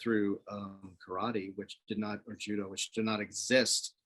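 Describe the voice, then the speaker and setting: A man in casual chat, an animated storyteller who laughs often, from the Washington DC area. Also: fairly low pitch, a little slow. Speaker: guest.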